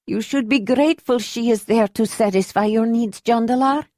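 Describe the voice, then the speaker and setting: Female reader doing a hurt, dignified young woman for a storybook audiobook: slow, controlled, a touch higher, bitter underneath. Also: warm tone, no room sound, studio quality, close to an everyday voice. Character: Ayla, young woman, wounded, proud, dignified. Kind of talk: audiobook character reading.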